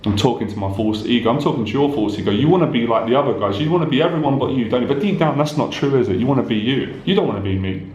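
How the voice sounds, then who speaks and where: A man's voice: mid-range voice, expressive, racing, darkish tone, echoey room, highs cut off. Intense, preachy male life coach. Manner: intense, repetitive, preachy, swears. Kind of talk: direct-to-camera motivational talk.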